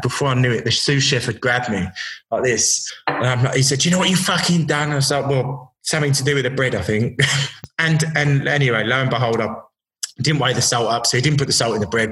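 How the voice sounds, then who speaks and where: This guest chef, a man in his thirties, speaks in a medium-pitched, fairly bright voice, heard with roomy echo. Chatting casually on a podcast, he recounts kitchen tales bluntly, cursing freely and frequently starting over.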